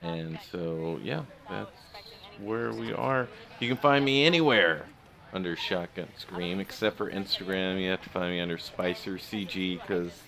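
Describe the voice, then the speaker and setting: A man's voice: sits low, unhurried, vocal fry, bright, forceful tone. A man running a live 3D sculpting tutorial, laid-back and slangy, often asking "right?". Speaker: 3D sculpting instructor streaming live. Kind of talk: casual live software tutorial. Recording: background crowd chatter from a playing video.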